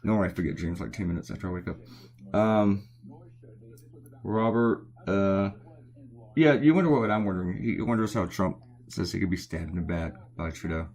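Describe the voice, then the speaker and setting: This is a casual live drawing chat from a Southern-accented man, a cartoonist answering viewer comments as he sketches and rambles along. His voice sits low with a darkish tone, moving at normal speed. He's at home at night, staying quiet so as not to wake others.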